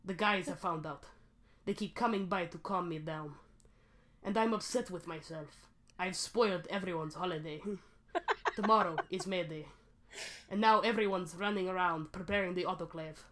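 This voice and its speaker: A woman's voice: lowish voice, moderate pace, fairly bright tone, a little hiss or hum. Laughing woman telling a story. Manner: laughs often, reads history with joking asides. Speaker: podcast host. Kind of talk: casual storytelling chat.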